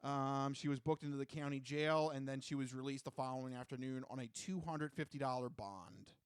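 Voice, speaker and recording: A man's voice: medium pitch, fairly quick, clear, resonant tone, no room sound, studio quality. A man co-hosting a podcast in casual chat, easygoing, recapping a news story with many fillers. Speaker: podcast co-host.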